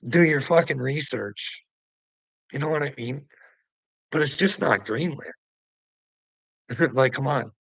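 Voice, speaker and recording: A man's voice: medium pitch, takes it slowly, creaky, pauses often, breathy edge, no room sound, rough recording. A man from Canada, ranting profanely at his viewers about politics and laughing between points. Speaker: vlogger. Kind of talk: angry political rant to viewers.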